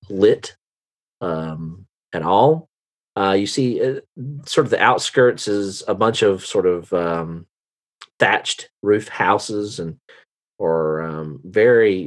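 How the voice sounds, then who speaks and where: A man narrating a tabletop game as game master, with many ums and hesitations. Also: fairly low pitch. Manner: hesitant, full of ums and uhs.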